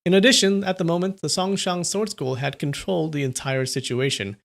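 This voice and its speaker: A man's voice: fairly high pitch, brisk, gravelly. A man reads a translated martial arts novel aloud on a livestream. His voice sits a bit above the usual for a man. He reads steadily and sometimes stumbles and corrects himself. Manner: steady reading with small restarts and corrections. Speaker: reader on a livestream.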